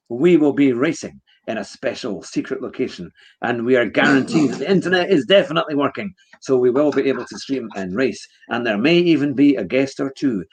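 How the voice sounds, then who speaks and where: A man's voice: mid-range voice, slightly rough. A man hosting a casual motorsport podcast, upbeat and jokey as he chats with his co-hosts. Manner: upbeat, jokey, greeting the audience. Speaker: podcast host.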